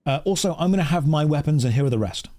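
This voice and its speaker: This Englishman's voice is on the high side and fast, captured dry with clean studio sound. He's streaming a game and offering casual commentary, ranting animatedly and voicing both parties in his chats.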